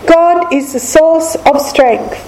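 A woman teaching from the Bible, speaking slowly and deliberately and repeating key lines of scripture. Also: high-pitched, darkish tone, a little hiss or hum, poor audio. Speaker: preacher.

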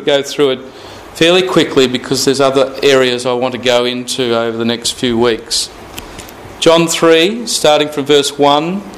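A man's voice: fairly high pitch, fairly bright tone, a little hiss or hum, poor audio. A man teaching through the Bible verse by verse, reading scripture aloud and stressing key words with rhetorical questions. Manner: repeats phrases, asks rhetorical questions.

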